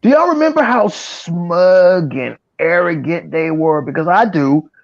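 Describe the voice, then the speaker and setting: A man hosting a podcast, ranting profanely and mocking others in an animated way. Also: sits high, unhurried, vocal fry. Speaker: podcast host. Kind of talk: casual chat. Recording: dry, dull lo-fi sound.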